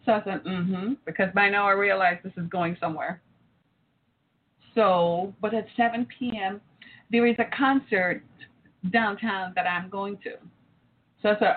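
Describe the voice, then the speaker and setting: A woman's voice: medium pitch, unhurried, long pauses. A woman in her forties hosting a talk, telling a family story and playing out the voices in it. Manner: animated, acts out quoted voices. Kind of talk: storytelling to an audience. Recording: tinny phone-like line with faint noise.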